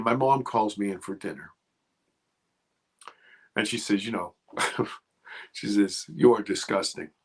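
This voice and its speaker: Man in his fifties, gravelly, husky, halting and shaken, personal story on talk radio. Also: mid-range voice, a bit bright. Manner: emotional, halting, restarts under strain. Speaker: guest.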